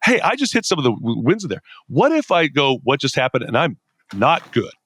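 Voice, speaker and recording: A man's voice: mid-range voice, brisk, husky, dry recording. A middle-aged man speaks as a podcast guest, telling stories with energy and acting out his own inner voice. His voice sits in a medium range. It is recorded close and dry, with no room sound. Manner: energetic storyteller who acts out his own inner dialogue. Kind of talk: conversational podcast interview.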